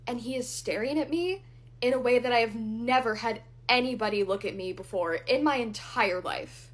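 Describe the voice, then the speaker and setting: A woman's voice: fairly high pitch, moderate pace. A young woman vlogger telling a personal story in a candid, blunt way while doing her makeup, with the odd swear word.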